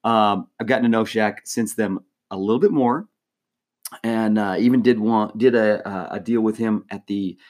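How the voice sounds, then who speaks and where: A man co-hosting a podcast, telling a story in a casual, animated way, laughing often and full of fillers and restarts. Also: lowish voice, normal speed. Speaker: former team mascot, podcast co-host.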